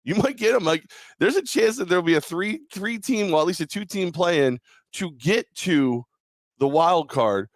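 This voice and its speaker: A man's voice: high voice, lively intonation, unhurried, dry recording, studio quality. A hungover man co-hosting a casual sports talk show, rambling and joking with frequent laughs. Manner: rambling, jokey, laughs often.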